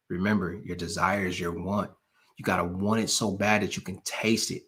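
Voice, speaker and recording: A man's voice: sits low, fairly even intonation, brisk, pushed and bright. A man hosting a live stream, giving a motivational pep talk to his viewers with emphatic, preacher-like repetition and a casual way of speaking to them directly. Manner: casual, talks straight to the audience.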